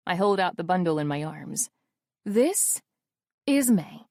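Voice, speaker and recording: Female romance audiobook narrator: wry, intimate, very expressive pitch, slow unhurried pace, dry close sound. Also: no room sound.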